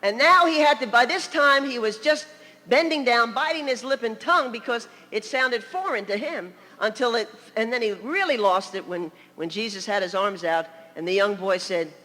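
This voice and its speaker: A woman's voice: a little high, normal speed, pushed and bright, big-room sound. An older woman from New York preaching a sermon as a story, chatty, with laughing asides and many "you know"s.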